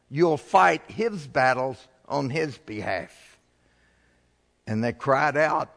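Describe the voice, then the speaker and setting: A man's voice: medium pitch, lively intonation, slow, gravelly, a bit bright, in a large hall. A male pastor preaching a sermon, building to emphatic, rising swells.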